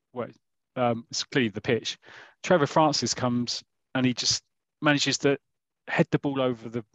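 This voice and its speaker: On a podcast, a man with a South East London accent tells a comic story as rambling mock football commentary, full of asides and restarts where he interrupts himself. His voice is medium-pitched with no room sound, in a dull lo-fi recording.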